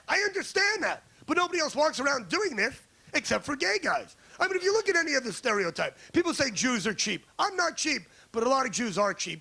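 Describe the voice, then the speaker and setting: A man's voice: very high-pitched, creaky, sharp tone. A man from the United States doing a crude, brash stand-up routine on a comedy club stage, riffing with the crowd.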